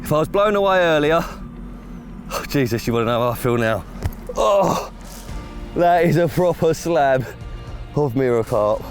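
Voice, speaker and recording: Excitable angler by a lake. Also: male voice, on the high side, normal speed, soft background music. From England. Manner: excitable, swears, chuckles often. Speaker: carp angler and channel presenter. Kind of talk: casual excited chat. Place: outdoors by a large lake.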